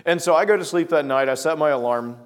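A man telling a personal story with lively acted-out scenes, then drawing a devotional lesson from it. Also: a little high, fast talker. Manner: lively storyteller, acting out scenes, often restarting words. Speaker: speaker telling a story to make a life lesson. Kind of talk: anecdote-driven devotional talk.

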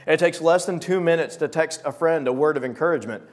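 A man's voice: on the high side, fast. A young man preaching a sermon to a small gathering, telling stories and acting out quoted voices. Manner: animated storytelling with voiced quotes.

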